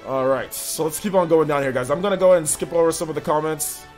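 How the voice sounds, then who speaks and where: A man's voice: on the high side, fast talker. A man hosting a livestream in a casual, rambling way, full of fillers and talking straight to his chat. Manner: rambling, filler-heavy, addresses chat directly. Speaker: livestream host. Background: faint background music.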